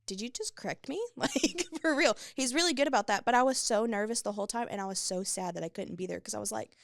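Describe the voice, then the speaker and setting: A woman co-hosting a faith podcast, chatting quickly and laughing easily. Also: mid-range voice, creaky, no echo, clean studio sound. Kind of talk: casual chat.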